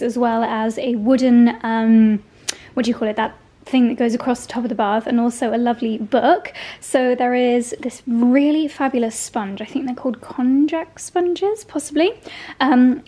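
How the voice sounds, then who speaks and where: A woman's voice: fairly high pitch, a little mellow. A young woman vlogging at home in a casual, chatty way, gushing over deliveries as she unpacks them. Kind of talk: casual vlog chat.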